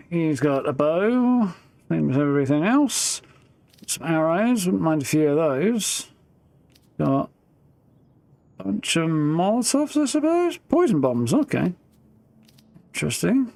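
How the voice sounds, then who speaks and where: A man's voice: on the high side, gravelly, darkish tone, no echo. A man giving casual, rambling live gameplay commentary, thinking aloud. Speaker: streamer.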